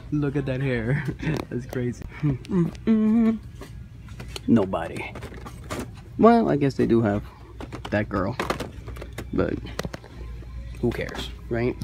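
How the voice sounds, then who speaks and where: A man filming a casual toy-hunting vlog, talking in an animated way and dropping in Spanish words. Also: mid-range voice, extremely slow, long pauses, slight background noise. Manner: animated, swears and laughs, mixes in Spanish words.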